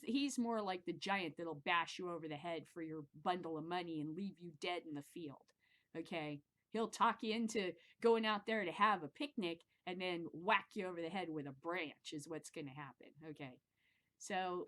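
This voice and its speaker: A middle-aged woman from the American Midwest, hosting a casual monologue show, rambling and animated and swearing freely. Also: fairly low pitch. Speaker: podcast host.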